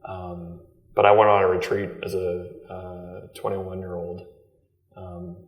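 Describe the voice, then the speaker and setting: A man with a very low voice talks through his story slowly, stopping often and repeating words. He sounds thoughtful and unhurried. The room around him is echoey, with a long reverb tail. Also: monotone, highs cut off. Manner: halting, many ums and repeated words. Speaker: Jesuit guest. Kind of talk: reflective interview storytelling.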